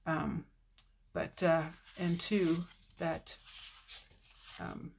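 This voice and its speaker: An older woman hosting a casual live craft stream, chatting warmly with viewers, teary with a slightly stuffy nose. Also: low-pitched, level tone, very slow, gravelly, a little hiss or hum. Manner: chatty and tearful, reading viewer comments. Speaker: card-making video host.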